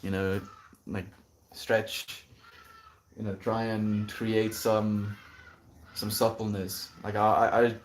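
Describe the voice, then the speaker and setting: A man with a lowish voice hosts his daily stream and reads out chat messages. He talks reflectively and loosely, leaning on "like" and "you know" as he thinks aloud, and keeps a friendly, thoughtful tone toward his viewers. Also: level tone, slow, pauses often, a little hiss or hum. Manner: reflective and rambling, heavy with fillers. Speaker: livestreamer. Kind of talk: daily livestream, answering chat.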